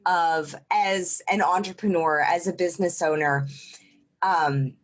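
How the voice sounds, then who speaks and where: A woman's voice: on the low side, steady tone, measured pace. A woman hosting a casual podcast interview, reflecting thoughtfully in long, run-on sentences. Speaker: podcast host.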